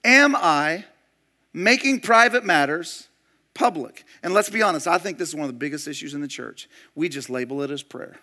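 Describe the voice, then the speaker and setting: A man preaching a sermon as pastor, emphatic and moving between loud declarations and hushed storytelling. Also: a little high, animated, moderate pace.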